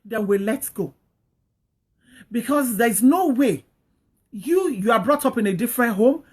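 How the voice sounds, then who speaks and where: A woman's voice: a little high, animated, a little slow, a little mellow, husky. A woman giving casual, preachy marriage advice, repeating her points earnestly and acting out what couples should say. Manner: earnest, repetitive, preachy, acts out quoted speech. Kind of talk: casual advice talk to an online audience.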